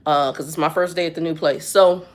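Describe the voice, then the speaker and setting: A woman's voice: low voice, a little fast. Chatty woman in her fifties. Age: 50s. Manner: animated, chatty storytelling with lots of reported speech. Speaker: vlogger. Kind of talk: casual storytelling vlog.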